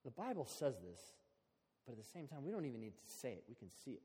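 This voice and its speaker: A man preaching a sermon in a relaxed, conversational, storytelling way. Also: mid-range voice, quick pace, husky. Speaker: pastor. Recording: long hall reverb.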